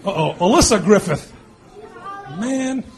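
A man in his fifties or sixties, a mayor teasing children at a public meeting with quick jokes and frequent laughs. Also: high-pitched, expressive, darkish tone. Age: born 1964, 50s or 60s. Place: meeting hall with an audience. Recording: crowd noise behind. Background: crowd.

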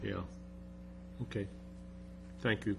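A man serving as alderman, asking questions in a committee meeting in a halting way with repeated words. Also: fairly low pitch, flat delivery, creaky. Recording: noisy meeting room recording.

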